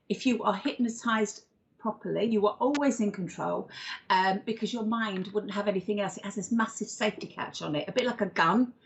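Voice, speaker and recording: Woman, psychic medium, chatty, rambling, affectionate, mid-range voice. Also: medium pitch. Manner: chatty, rambling, affectionate, calls people darling. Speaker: psychic medium and regression therapist. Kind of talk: live-stream card readings and chat.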